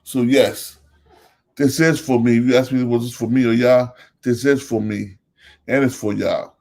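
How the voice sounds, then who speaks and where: A man's voice: mid-range voice, steady tone, a little slow, a little mellow. A man with a New Jersey accent, a host giving a casual monologue, calling out names and repeating his phrases for emphasis. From Elizabeth, New Jersey.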